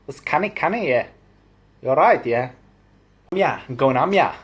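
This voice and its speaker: A man's voice: on the high side, animated, moderate pace, husky, dull audio. A man doing a friendly young Newcastle local in a Geordie accent. The voice is chummy and sing-song, and it sits well above his normal register. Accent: Geordie imitation.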